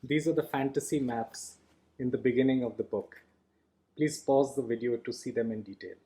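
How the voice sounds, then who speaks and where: A man reads his own fantasy novel aloud in a calm, measured storytelling style. His voice is mellow and warm, set at an ordinary pitch for a man. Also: rough recording. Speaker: author reading his own book. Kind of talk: audiobook narration.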